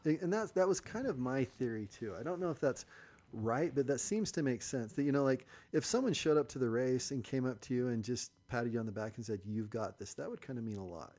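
A man's voice: medium pitch, lively intonation, a little fast, darkish tone. Man explaining like a coach. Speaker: podcast host. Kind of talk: casual podcast chat.

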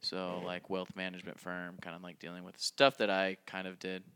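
A man's voice: low-pitched, monotone, a little fast, a bit bright, smooth. A young man co-hosting a casual podcast, telling a story in a rambling way full of likes and ums. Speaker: podcast co-host.

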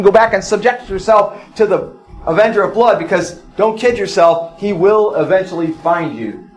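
Middle-aged guy preaching, fairly high voice, keeps repeating lines for punch. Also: lively intonation, moderate pace, rough recording. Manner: preaching with repeated phrases, telling personal stories. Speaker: pastor. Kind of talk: sermon.

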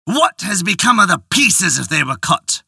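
A storyteller voicing an exasperated husband who questions his wife slowly and forcefully. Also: mid-range voice, big pitch swings, gravelly, slightly rough, dry recording, studio quality, voice pushed up, exaggerated voice. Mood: angry. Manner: slow, forceful, demanding. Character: angry exasperated husband, tailor. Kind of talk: storytelling voice acting.

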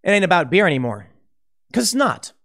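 A political commentator with a high, sing-song, fairly bright voice speaks briskly. He delivers emphatic opinion commentary, warning listeners and sketching possible scenarios, often restarting his sentences.

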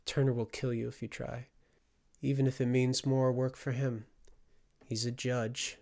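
A man's voice: mid-range voice, flat delivery, unhurried, vocal fry, darkish tone. A man voicing a blunt, guarded young woman in an audiobook, with a curt, matter-of-fact delivery.

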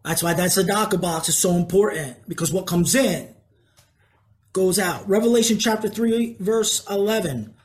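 A preacher teaching a sermon in a conversational way, asking the congregation questions and moving between slow emphasis and quick asides. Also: mid-range voice.

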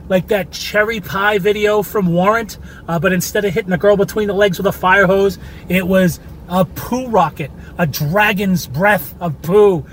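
Man, high voice, rambling profane anecdote, faint outdoor traffic behind. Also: fairly bright tone. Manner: rambling, profane, many fillers. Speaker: listener sending a voice message. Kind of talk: casual crude storytelling.

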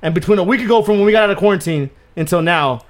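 Man, podcast co-host, fast, joking, profane, high voice. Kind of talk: casual chat.

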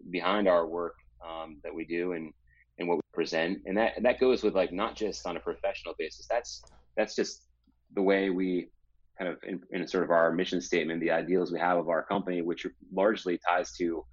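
A man in his forties, a podcast guest, speaks in a very deep voice, thoughtful and halting. The sound is dry and a little dull, as if from a modest mic. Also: steady tone, slightly rough, no room sound. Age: 40s. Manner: thoughtful, halting, with many restarts. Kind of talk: casual interview chat.

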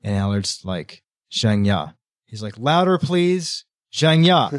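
A man co-hosting a casual book podcast, recapping the plot in an animated way and acting out the characters' lines. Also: on the low side, slow, no echo, clean studio sound. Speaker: podcast co-host.

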